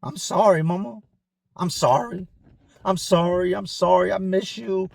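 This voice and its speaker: A man's voice: high voice, normal speed, gravelly, dry recording, clean studio sound, pitched above the performer's own voice. A man voicing a distraught young male inmate who sobs for his mother in short, repeated, broken phrases. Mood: pleading, tearful. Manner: repetitive, broken, pleading phrases.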